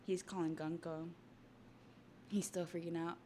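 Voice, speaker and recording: A young adult woman livestreaming as she reacts to a manga, chatty and excitable, with casual swearing. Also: on the low side, unhurried, a little hiss or hum. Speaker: streamer.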